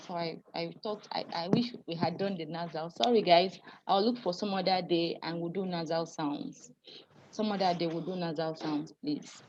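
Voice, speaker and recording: A woman with a medium-pitched, slightly mellow voice leads a live French pronunciation class. She patiently explains sounds, spells out letters and calls on students to read aloud. The lo-fi recording is dull, with faint noise.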